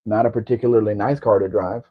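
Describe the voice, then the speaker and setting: A man's voice: fairly low pitch, fairly even intonation, fast, breathy edge, narrow, tinny audio. Chatty man with rambling car talk. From Southern California. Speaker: show host. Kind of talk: casual live-stream chat.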